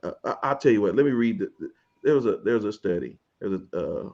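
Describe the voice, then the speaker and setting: A man's voice: on the low side, lively intonation, fast talker, darkish tone, highs cut off. A man hosting a casual panel talk show, laid-back and chuckling as he steers the discussion. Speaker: host.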